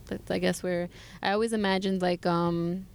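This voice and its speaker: Chatty thirties woman with gravelly fry. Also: fairly low pitch, steady tone, normal speed, slight background noise. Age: 30s. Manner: chatty, heavy use of "like". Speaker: guest sharing travel stories. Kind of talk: casual chat.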